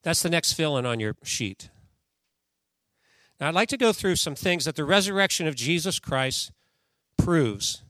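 A man's voice: on the high side, very animated, measured pace, long pauses, fairly bright tone, no echo. A man preaching a sermon in a conversational way, reading scripture aloud and putting questions to the congregation. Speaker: pastor.

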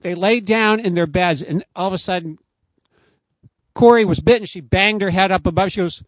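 A man preaching outdoors in a high, clear voice, earnest and emphatic as he builds each point. The sound is close and dry, with no room around it. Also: fairly quick, dry recording. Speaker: pastor. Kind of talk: sermon.

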